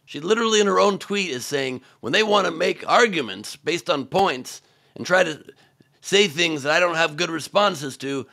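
A man hosting scripted comedic political commentary, sarcastic and mocking, with sudden loud outbursts. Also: on the high side, lively intonation, normal speed.

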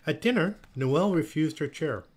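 A man reading a children's picture book aloud in a slow, expressive storytelling manner. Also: on the high side, breathy edge. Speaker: storybook reader.

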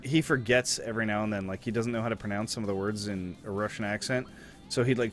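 A young man streaming a game, chatting casually in a crude, rambling way and swearing a lot. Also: fairly low pitch. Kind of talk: casual gaming chat.

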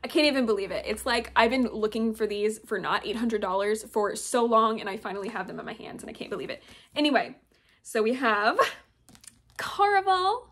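A woman's voice: a little high, a little fast, a bit bright. A young woman in a casual book haul vlog, chatty and gushing as she shows off her new books. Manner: gushing, chatty, reads blurbs aloud. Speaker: booktuber.

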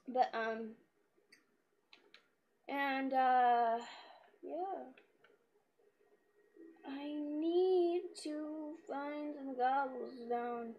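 A woman giving casual, hesitant let's-play commentary in a quiet voice, with lots of ums. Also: sits high. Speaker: gamer.

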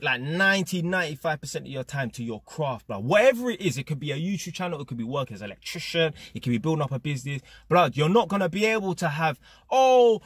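Blunt young London man, husky voice. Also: a little high, no echo. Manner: London slang, blunt and emphatic, repeats "blood" and "fam". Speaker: vlogger. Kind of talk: casual motivational monologue to camera.

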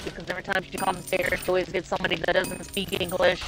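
A woman's voice: on the low side, little pitch movement, fast talker, music in the background, rough recording. A young woman streaming a game, telling a story in a chatty, filler-heavy way. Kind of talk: casual chat while gaming.

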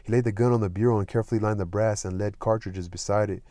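A man narrates a classic novel in a calm, even reading voice. His tone sits low and mellow, recorded close and dry with no room sound. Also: fast, no room sound. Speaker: audiobook reader. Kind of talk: scripted narration with light character voicing.

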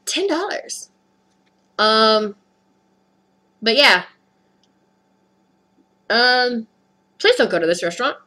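A woman's voice: on the high side, fairly bright tone, slight background noise, poor audio. A woman vlogger ranting through a storytime with heavy swearing, upset and rattled. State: upset, skin crawling. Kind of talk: storytime rant.

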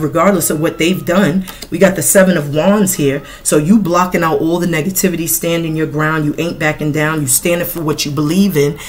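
A middle-aged woman giving a casual tarot reading in a blunt, animated, profane way. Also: low voice. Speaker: tarot reader.

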